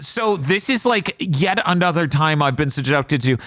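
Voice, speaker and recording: Male podcast co-host, exasperated ranter, fairly high, dry close mic. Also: moderate pace, few pauses, no echo. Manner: animated, exasperated ranting with swearing. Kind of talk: casual movie review chat.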